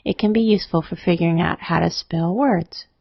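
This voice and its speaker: A woman narrating a scripted spelling lesson, explaining rules in a steady, methodical way. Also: lowish voice, a little fast, vocal fry, no echo. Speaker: spelling teacher. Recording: dry, dull lo-fi voice-over.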